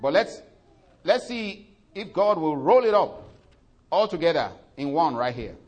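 A man preaching a sermon, voice climbing loud and high when he reads scripture, then dropping soft for his asides, with frequent fillers and self-corrections. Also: big pitch swings, measured pace.

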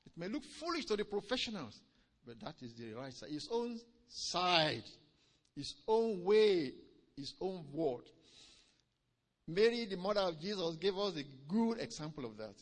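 A man preaching a sermon, swinging between loud emphatic lines and low quiet ones, drawing out key words and calling "Amen?" to the congregation. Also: big pitch swings. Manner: drawn-out stresses on key phrases.

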